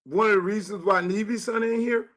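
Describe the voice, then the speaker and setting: A middle-aged man, hosting his show and ranting angrily about a coach in a profane monologue that rises into shouts. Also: high-pitched, fairly even intonation, a little fast. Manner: angry, profane, rising to shouts. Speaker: show host and youth football coach. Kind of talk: heated monologue.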